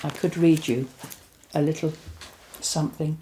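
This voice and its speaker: A woman's voice: deep voice, fairly even intonation, unhurried, dark tone, a little hiss or hum. An older woman with a chatty, rambling way of telling stories about her spiritual experiences, often correcting herself. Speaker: host recounting spiritual experiences. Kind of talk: casual storytelling and reading aloud.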